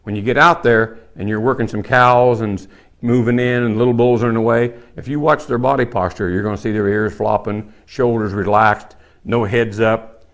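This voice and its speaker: A man's voice: lowish voice, fairly even intonation, normal speed. An older man with a folksy, plainspoken manner, teaching elk calling and demonstrating the calls as he talks. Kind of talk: hands-on calling tutorial.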